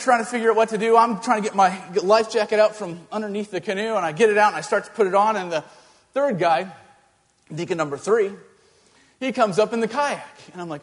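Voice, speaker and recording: A male pastor telling a story in a sermon, animated and halting, with many restarts. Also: high voice, in a large hall.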